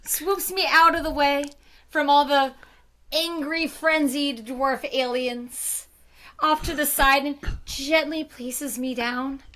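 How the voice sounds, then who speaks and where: A woman's voice: high voice, fairly even intonation, takes it slowly, a bit bright. A woman playing in an online tabletop game, telling her character's actions in a chatty, self-amused way with rambling asides. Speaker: player.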